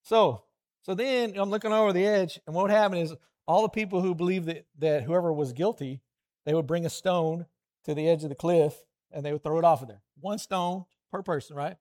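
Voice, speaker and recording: A man, middle-aged, preaching a lively children's sermon, animated storytelling with playful voiced asides. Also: high voice, fairly quick.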